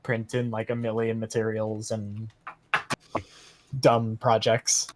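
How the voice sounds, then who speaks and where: A man chatting casually on a stream, relaxed and talkative. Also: lowish voice, slow, noisy background. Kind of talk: casual chat.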